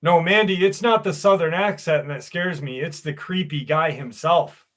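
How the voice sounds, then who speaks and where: A man's voice: fairly high pitch, normal speed. A middle-aged man hosting a casual livestream, joking and swearing freely as he chats and reads a story aloud. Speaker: host.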